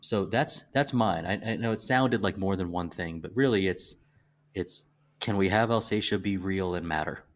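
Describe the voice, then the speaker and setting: A man from the American South, co-hosting a casual movie podcast, talking in a halting, thoughtful way with frequent restarts. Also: sits low. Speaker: podcast co-host.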